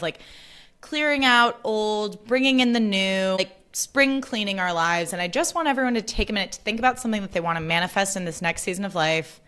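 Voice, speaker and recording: A woman's voice: mid-range voice, a bit bright, clear, resonant tone. Young woman host, bubbly chatty delivery, casual swearing, solo podcast chat.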